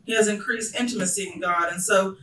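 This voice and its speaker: A woman minister delivers a sermon. Her tone is bright and forceful, and she sounds like she is standing well back from the microphone. The church around her is roomy and echoey. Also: mid-range voice, fairly even intonation, brisk, slight background noise. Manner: storytelling, building to fervent shouted preaching. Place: church sanctuary. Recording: echoey church from a distant mic.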